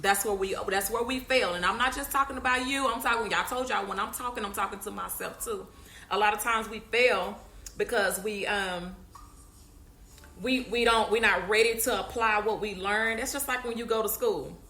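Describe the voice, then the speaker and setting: A woman's voice: mid-range voice, moderate pace, bright, forceful tone, reverberant, slight background noise. A woman hosting a podcast, giving a conversational, preachy faith talk straight to her listeners. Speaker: podcast host.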